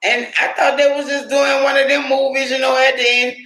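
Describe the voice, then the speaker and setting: High, bright-voiced man ranting profanely. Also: little pitch movement, a little fast, reverberant, slight background noise, poor audio. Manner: profane, laughing, talks to the chat. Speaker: livestream host. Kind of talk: casual livestream commentary.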